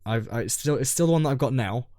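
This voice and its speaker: A man's voice: medium pitch, expressive, fast talker, dark tone, no echo, studio quality. A young man from Scotland, co-hosting a podcast, telling a long story in casual chat, full of ums and restarts. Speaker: podcast co-host.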